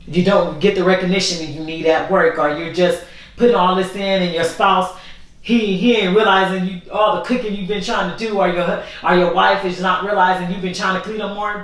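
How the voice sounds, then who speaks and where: Candid woman vlogging in an echoey room. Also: on the low side. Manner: candid, rambling, repeats herself. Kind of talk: casual heartfelt vlog talk. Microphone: voice only, camera not working. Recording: very echoey room, far from the mic.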